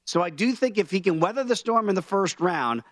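A man's voice: sits high, lively intonation, brisk, dry recording. A man, a guest sports betting host, talking through his picks in a confident, chatty way.

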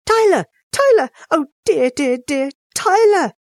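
A man reading a storybook, voicing a small fretful mouse in a high fluttery worried voice. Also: very animated, moderate pace, dry recording, studio quality, full character voice.

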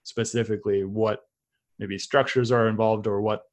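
A man's voice: on the low side, level tone, moderate pace. A man hosting an interview, asking long questions with many hesitations and fillers. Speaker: podcast host. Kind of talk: conversational interview.

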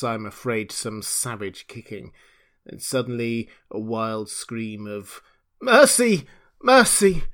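A man reading a classic novel aloud in measured, dramatic storytelling narration. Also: medium pitch. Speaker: audiobook reader.

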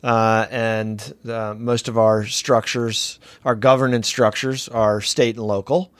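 A man's voice: on the low side, level tone, takes it slowly, no echo. A man co-hosting a podcast, chatting casually and summarizing a news article with frequent ums and restarts. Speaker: podcast co-host. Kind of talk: casual discussion of education news.

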